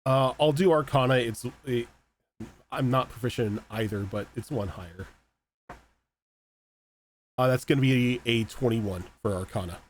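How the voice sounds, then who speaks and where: A man's voice: medium pitch, normal speed, long pauses, slight background noise. A man playing a tabletop game, talking loosely with lots of fillers. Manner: loose, filler-heavy chat. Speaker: player.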